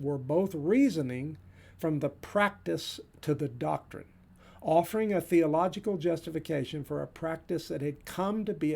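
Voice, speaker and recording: A man's voice: fairly high pitch, creaky, darkish tone. A middle-aged man teaching a church history class, reading quotations aloud between loose remarks with many fillers and restarts.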